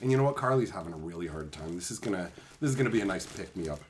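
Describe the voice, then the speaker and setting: A man chatting on a live stream in loose, joking banter, swearing almost every sentence. His pitch jumps all over the place as he talks. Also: lively intonation, very fast, background noise. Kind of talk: casual live-stream chat with viewers.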